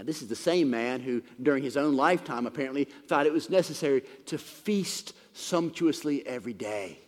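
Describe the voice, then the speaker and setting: A man's voice: on the high side, in a large hall. A man preaching a sermon, retelling a passage and often stumbling over repeated words. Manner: expository retelling with frequent stumbling word repeats.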